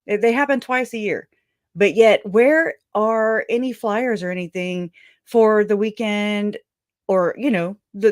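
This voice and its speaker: A woman hosting a livestream, angry and profane, with halting restarts and frequent laughs. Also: mid-range voice, dry recording, studio quality. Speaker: livestream host.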